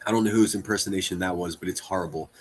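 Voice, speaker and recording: A man's voice: sits low, rapid-fire, slight background noise. A man hosting a livestream, giving crude, sarcastic reaction commentary and mocking what he plays. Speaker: commentary streamer host.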